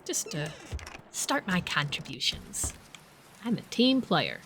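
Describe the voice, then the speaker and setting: A woman's voice: lowish voice, very animated, takes it slowly, fairly bright tone, slight background noise. A woman hosting a let's play, giving casual gameplay commentary with wry, joking asides.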